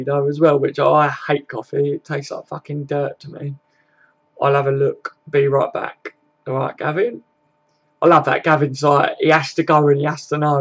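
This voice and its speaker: Laddish young British man chatting. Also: fairly high pitch. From Britain. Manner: laddish, swears a lot, tags questions with mate. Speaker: live stream host. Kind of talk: casual live chat reading comments. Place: home room with desk and sofa.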